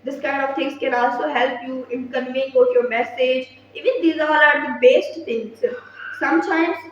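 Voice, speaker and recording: Teacher lady, high voice, earnest advice, far from the mic, muffled. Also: steady tone, moderate pace, a little hiss or hum. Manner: earnest, advisory, frequent "uh" and "okay?". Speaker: English teacher. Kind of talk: spoken English lesson. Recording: roomy echo, distant mic, muffled.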